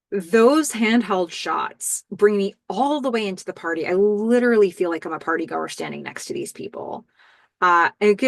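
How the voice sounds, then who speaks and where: A middle-aged woman hosting a podcast, giving an animated, enthusiastic recap of a TV episode. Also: fairly low pitch, gravelly, no echo. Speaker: podcast host.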